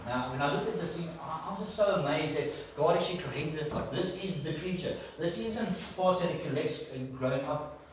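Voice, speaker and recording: A man's voice: on the high side, background noise. A man preaching an enthusiastic sermon in a church, repeating words for emphasis. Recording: echoey church hall from far off.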